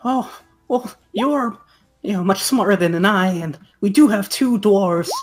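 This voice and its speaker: A woman voicing a nervous, scheming gnome pirate captain who stammers and flatters. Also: mid-range voice, a little slow, faint music behind, natural voice.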